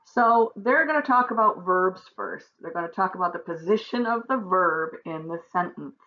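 A woman's voice: on the low side, animated, normal speed, dull audio. A woman teaching a German grammar lesson from a textbook, reading example sentences aloud and explaining them step by step.

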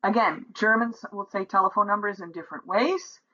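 A woman teaching a language lesson, explaining patiently and reading numbers out slowly and deliberately. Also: medium pitch, bright, forceful tone, breathy edge. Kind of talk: slow instructional explanation. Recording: dull lo-fi recording.

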